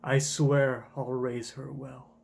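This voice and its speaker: A man reading the lines of a grieving, devoted father in a low, earnest voice. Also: little pitch movement, brisk, mellow, natural voice. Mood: solemn.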